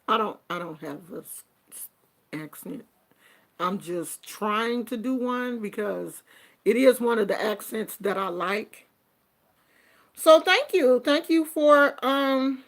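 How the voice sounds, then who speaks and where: Slow-talking sassy middle-aged woman. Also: on the high side. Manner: animated and sassy, swings between murmuring and exclaiming. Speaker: vlogger reading viewer comments. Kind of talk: casual livestream chat.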